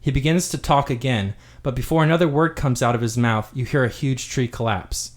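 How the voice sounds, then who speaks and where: Man narrating a dark tabletop game story. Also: mid-range voice, fairly quick. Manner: steady storytelling with dramatic narration. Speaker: game master.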